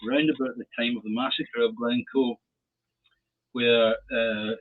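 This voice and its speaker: A man co-hosting a casual political chat, speaking in a measured but defiant way with rambling asides. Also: mid-range voice, little pitch movement. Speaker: co-host. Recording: phone-like narrow audio.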